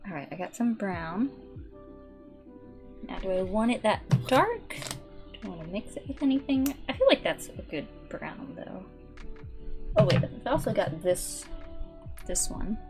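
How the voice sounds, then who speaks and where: A woman's voice: medium pitch, animated, unhurried, pauses often, music in the background. A woman streamer chatting casually in a rambling, filler-heavy way while she paints.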